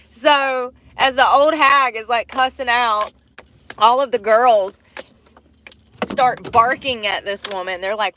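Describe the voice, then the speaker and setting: A woman's voice: high-pitched, moderate pace, pushed and bright, a little hiss or hum, low-quality recording. A woman chatting bluntly on a livestream, laughing often and acting out quotes from a movie. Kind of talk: casual chat.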